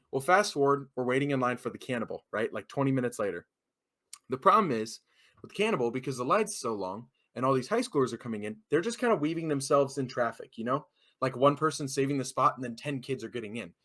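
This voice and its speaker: A young man on a casual podcast, telling a story with lots of swearing and acting out what people said. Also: mid-range voice. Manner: animated storyteller, swears a lot, acts out quotes. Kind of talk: casual chat.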